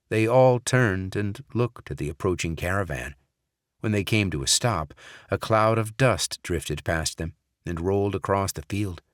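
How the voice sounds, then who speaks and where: A man with a low voice reads a thriller audiobook from a script, his storytelling measured and even. The recording is clean studio sound with no echo.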